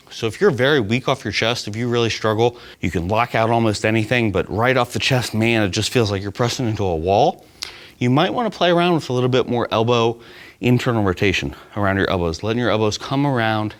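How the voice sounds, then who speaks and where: A young man coaching a lift, explaining it step by step and often checking in with "right?". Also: medium pitch. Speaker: strength coach. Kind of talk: instructional demonstration.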